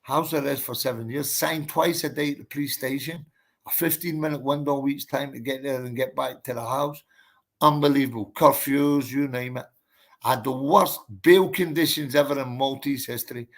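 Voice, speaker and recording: A man's voice: medium pitch, fairly even intonation, moderate pace. A man, a boxer telling his story in a casual interview, blunt and emphatic, swearing and calling the listener mate and bro.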